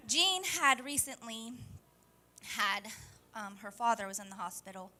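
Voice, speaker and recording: A woman's voice: fairly high pitch, expressive, a little slow, sharp tone, slight background noise. A woman who leads a kids' church program, speaking to the congregation in an upbeat, chatty way. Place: church service.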